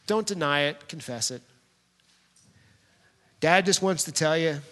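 A man's voice: fairly high pitch, a little slow, pauses often, fairly bright tone. A man preaching a sermon as a pastor, talking straight to the congregation in a conversational, storytelling way. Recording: long hall reverb.

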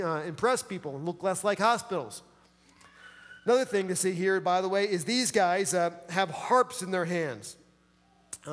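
Guy pastor preaching, laid-back and fired up, kinda high voice, big echoey hall. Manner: casual, enthusiastic, slangy preaching. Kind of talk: sermon.

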